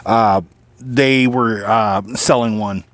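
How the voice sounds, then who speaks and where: A man's voice: lowish voice, fairly even intonation, slow, a bit bright, no echo. A man casually walking through a PC he built, rambling, restarting his sentences and swearing now and then. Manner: rambling, filler-heavy, frequent restarts and mild swearing. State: has the hiccups. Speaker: PC builder showing his own build. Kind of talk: casual hands-on build walkthrough.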